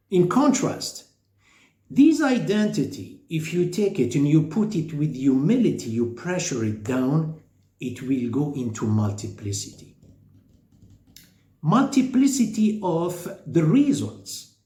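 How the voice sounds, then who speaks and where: A man lectures on faith in an animated, emphatic way, his voice swinging up and down and often stopping to ask whether you follow. His tone is mellow and somewhat high for a man. The room around him is echoey. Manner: animated, emphatic, with sudden pitch jumps and rhetorical questions. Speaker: speaker on faith and psychology. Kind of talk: informal spiritual lecture.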